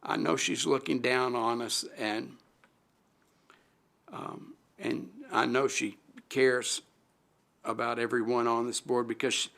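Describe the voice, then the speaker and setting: Middle-aged guy on a city council, gravelly voice, halting heartfelt speech with lots of restarts. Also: mid-range voice, fairly even intonation, a bit bright. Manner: halting, heartfelt, many restarts and trailing pauses. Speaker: city alderman. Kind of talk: emotional tribute speech at a council meeting.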